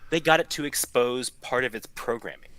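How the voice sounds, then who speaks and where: A man's voice: medium pitch, normal speed, fairly bright tone, no echo. A man co-hosting a casual podcast who explains in a chatty way, with restarts. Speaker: podcast co-host. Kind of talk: casual chat.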